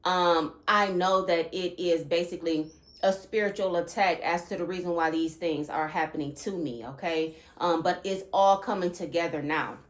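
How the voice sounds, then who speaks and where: A woman's voice: lowish voice, moderate pace. Earnest woman vlogging, punctuating with "okay?". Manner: repeats "okay?" often to check in with listeners; animated and emphatic when recounting disturbing thoughts. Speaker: channel host. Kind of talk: earnest spiritual vlog talk.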